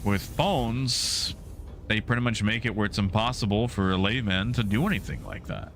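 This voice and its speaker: A man's voice: on the low side, normal speed, a bit bright, a little hiss or hum. A male game streamer chatting casually with his live viewers in a rambling, easygoing way with many fillers.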